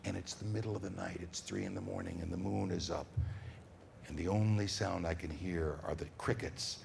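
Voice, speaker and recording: Low-voiced, gravelly male storyteller, lively and dramatic, for kids. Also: moderate pace, background noise. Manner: animated, dramatic swings of loudness. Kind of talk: storytelling to children. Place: school.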